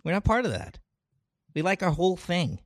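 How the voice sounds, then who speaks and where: A man's voice: high-pitched, sing-song, normal speed, no echo, clean studio sound. A man from the Philippines hosting a call-in podcast over a video call, ranting with lots of swearing and laughter. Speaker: podcast host taking callers. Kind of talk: casual chat.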